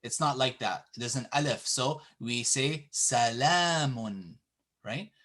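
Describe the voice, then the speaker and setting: A man teaching a classroom lesson, explaining patiently and drawing out example words slowly. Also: mid-range voice, fairly bright tone. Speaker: Arabic teacher.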